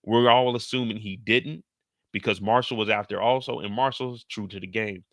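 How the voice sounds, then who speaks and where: A man giving energetic, slangy recap commentary on a TV episode. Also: fairly low pitch, moderate pace, dry recording, studio quality. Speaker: show recap host.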